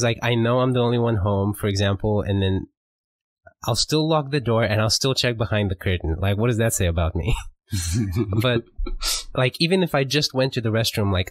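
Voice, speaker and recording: A man co-hosting a podcast in casual chat, relaxed and rambling, laughing often. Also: lowish voice, dry recording. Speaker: podcast co-host.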